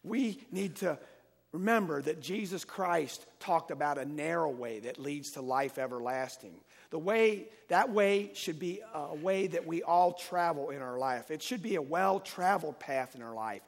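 Gravelly preaching man in a big hall. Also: fairly high pitch, moderate pace. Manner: emphatic preaching, rising and falling in loudness. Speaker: pastor. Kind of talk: sermon.

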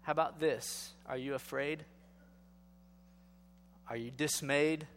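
A man's voice: on the high side, fairly even intonation, slow pace, fairly bright tone, big-room sound, a little hiss or hum. A male pastor giving a sermon in a conversational style, asking rhetorical questions and building to emphatic exhortation.

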